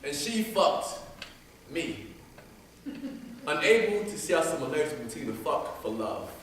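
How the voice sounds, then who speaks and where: Male slam poet, slightly high, lively, playful with the crowd; echoey live room. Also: normal speed. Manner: chatty, laughing, teasing the audience. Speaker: performance poet. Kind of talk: spoken word poetry on stage. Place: live poetry venue on stage. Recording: echoey room, distant mic, noisy.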